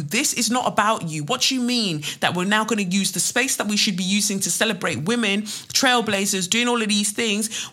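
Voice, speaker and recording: A woman's voice: medium pitch, pushed and bright. A woman hosting a casual solo podcast, talking bluntly and sarcastically and swearing freely. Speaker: podcast host.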